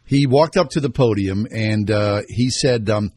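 A man's voice: on the low side, unhurried, a little mellow, husky. A man co-hosting a radio show, chatting casually and telling stories with plenty of fillers. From Pittsburgh.

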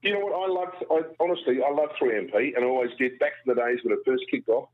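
A man's voice: medium pitch, quick pace. A middle-aged Australian man, a guest broadcaster, telling jokey, self-deprecating stories in casual radio chat. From Brisbane, Australia. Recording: tinny phone line.

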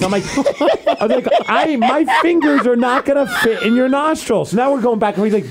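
A man telling a story in an animated way, acting out the quotes as he talks and laughing along. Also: very high voice, fairly quick, background noise. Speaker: podcast guest. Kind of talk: casual storytelling.

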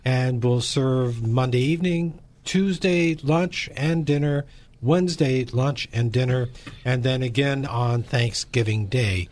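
A male guest on a radio charity appeal who answers briefly and agrees with the host. His voice is middle-pitched and plain. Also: slow, darkish tone. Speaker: rescue mission staff.

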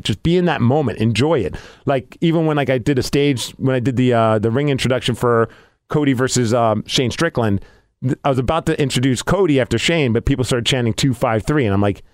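A man hosting a podcast, telling a story in a casual, animated way and acting out his own reactions. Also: medium pitch, no room sound, clean studio sound. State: losing his voice. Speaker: podcast host.

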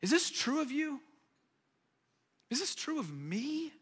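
Bright high-voiced man preaching in hall. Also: takes it slowly. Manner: conversational and animated, with repeated asides. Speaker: pastor. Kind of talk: sermon. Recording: long hall reverb.

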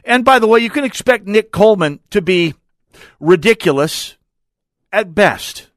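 A man's voice: high voice, lively intonation, unhurried, fairly bright tone, dry recording, studio quality. A man hosting a political talk radio show, sarcastic and combative as he takes calls. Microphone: studio microphone.

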